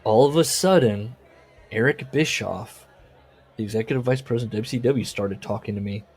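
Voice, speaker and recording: A man's voice: mid-range voice, normal speed, darkish tone, breathy edge, soft background music. A man co-hosting a casual podcast chat, reading book passages aloud and joking about them. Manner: reads book passages aloud with jokey asides. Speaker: podcast co-host.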